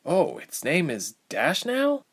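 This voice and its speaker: A man voicing a swift, sharp-tongued young woman archer in an audiobook. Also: a little high, huge pitch swings, takes it slowly, husky, pitched above the performer's own voice, heavily acted. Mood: wry.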